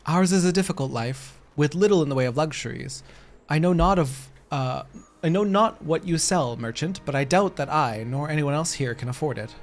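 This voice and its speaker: A man's voice: on the high side, animated, moderate pace. A man reading aloud the lines of a wary, weary villager in a fantasy game, in stiff, formal old-fashioned speech.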